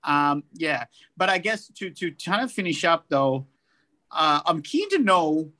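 Male podcast co-host, higher pitch, halting casual questions. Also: big pitch swings, bright, forceful tone. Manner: rambling, hesitant questions. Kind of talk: casual chat.

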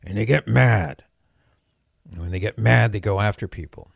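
A man's voice: on the low side, normal speed, vocal fry, slightly rough, dry recording, studio quality. An older man hosting a radio call-in show, chatty and joking with a lightly sarcastic edge. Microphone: studio microphone.

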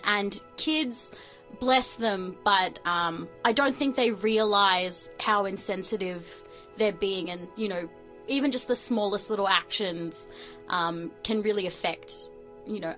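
Young Australian woman, bright voice. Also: medium pitch, slow pace, faint music behind, rough recording. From New Zealand-born, raised in Melbourne. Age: young adult. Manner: reflective, many fillers. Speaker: podcast guest. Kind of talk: casual chat.

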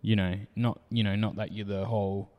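A man with an Australian accent hosting a podcast, telling crude, animated stories full of swearing. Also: lowish voice, brisk, big-room sound, muffled recording. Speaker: podcast host. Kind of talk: casual chat.

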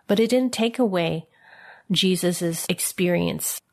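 A woman giving a devotional sermon in a gentle, reassuring way, sometimes dropping to soft, tender tones. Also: on the low side, takes it slowly, creaky. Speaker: preacher.

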